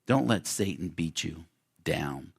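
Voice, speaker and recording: A man's voice: extremely low pitch, lively intonation, takes it slowly, vocal fry, breathy edge. A man pastor preaching a sermon in an earnest manner, sharing a personal testimony with lots of repetition. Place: church sanctuary.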